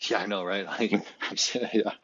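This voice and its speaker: Man, very deep voice, halting relaxed storyteller, dull lo-fi sound. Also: a little hiss or hum. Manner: relaxed storyteller, halting with many fillers and restarts. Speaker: podcast co-host. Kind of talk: casual chat.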